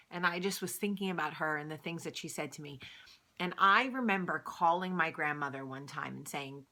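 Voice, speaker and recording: Woman, late 30s, low voice, candid and chatty, vlog host. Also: quick pace, bright, forceful tone. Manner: candid, chatty, lots of fillers. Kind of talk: casual chat.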